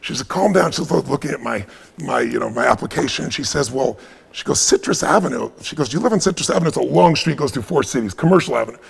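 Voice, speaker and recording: A man in his fifties with a raspy voice, telling a story during a live webinar and acting out the dialogue with intensity. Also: medium pitch, expressive, fast. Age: 50s. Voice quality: raspy, gravelly. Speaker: guest speaker.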